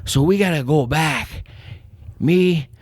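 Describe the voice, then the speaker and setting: A man's voice: a little high, slow pace, a little mellow, slightly rough, dry recording. A man hosting a comedy podcast, rambling and profane and often giggling. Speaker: podcast host.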